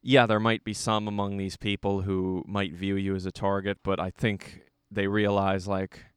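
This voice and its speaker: Low smooth-voiced young American man. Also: flat delivery, moderate pace, no room sound, clean studio sound. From United States. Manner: rambling, filler-heavy storytelling with frequent "like". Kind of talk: casual conversation.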